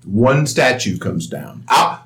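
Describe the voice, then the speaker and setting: A man's voice: mid-range voice, very animated, slow, fairly bright tone. A man co-hosting a podcast in casual chat, sardonic and freely profane. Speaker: podcast co-host.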